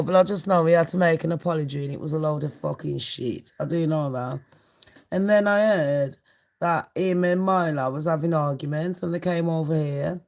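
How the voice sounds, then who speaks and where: Woman doing a gossip vlog, loud mouthed, swears a lot, keeps laughing. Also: sits low. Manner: brash, sweary and laughing often. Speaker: gossip channel host. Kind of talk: casual celebrity gossip chat.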